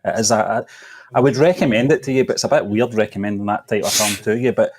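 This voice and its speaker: A man's voice: on the low side, fast, breathy edge. A man co-hosting a casual film chat over a remote call, hesitant, with frequent ums and laughs. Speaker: co-host.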